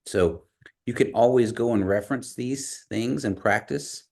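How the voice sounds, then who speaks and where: A man teaching an online language class over a video call, patiently repeating words slowly for learners. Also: medium pitch, vocal fry, a little mellow.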